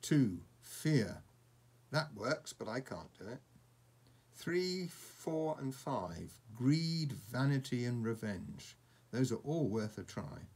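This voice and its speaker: A man's voice: mid-range voice, very animated, takes it slowly, husky, exaggerated voice. Hiccup, a man doing a frantic young Viking boy. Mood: musing. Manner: exasperated, shouting commands.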